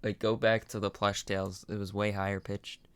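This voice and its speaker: A man's voice: on the low side, level tone, normal speed, slight background noise. A young man hosting a casual reaction video, talking in a rambling, self-interrupting way. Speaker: channel host reacting to game news.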